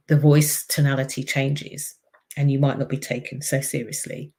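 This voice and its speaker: A woman with a low, deep voice and a slight frog in her throat, chatting on a live stream as a speaking coach and explaining things step by step. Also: steady tone, moderate pace, darkish tone. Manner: chatty and explanatory, demonstrates voice tones. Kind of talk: casual live-stream talk to camera.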